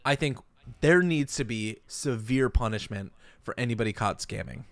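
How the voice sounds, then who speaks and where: A male podcast co-host who tells anecdotes with wry, deadpan banter. His voice swings widely in pitch and stays lively. It is recorded dry, with no echo. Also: moderate pace. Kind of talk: casual podcast chat.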